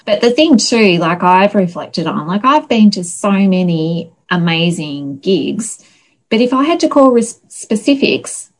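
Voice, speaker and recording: A woman, a guest on an interview show, telling lively anecdotes in a casual, chatty way. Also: mid-range voice, a little slow. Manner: chatty, animated anecdotes with laughs. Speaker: guest, local music historian.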